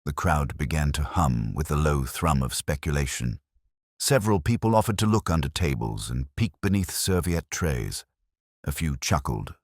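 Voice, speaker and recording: A man narrating a village mystery story in a measured, expressive storytelling manner. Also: very deep voice, no echo, studio quality.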